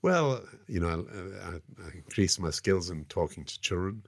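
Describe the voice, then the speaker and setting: A man's voice: low voice, lively intonation, measured pace, gravelly, no room sound, studio quality. An older man with a South African accent, telling stories as a podcast guest in a rambling way. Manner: rambling, frequent "you know" fillers. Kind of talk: casual anecdotal storytelling.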